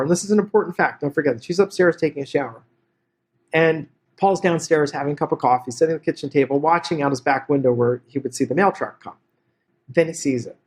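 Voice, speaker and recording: A man presenting on real estate investing, telling a story in a lively way and acting out each character's lines. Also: a little high. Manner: animated, acts out every character's dialogue. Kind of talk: anecdotal storytelling to an online audience.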